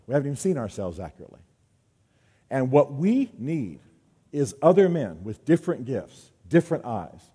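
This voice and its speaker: Man, talk to a men's group, joking and conversational, mid-pitched, long hall echo. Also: darkish tone, slightly rough. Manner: conversational, joking, acts out quoted voices. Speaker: speaker at a men's gathering.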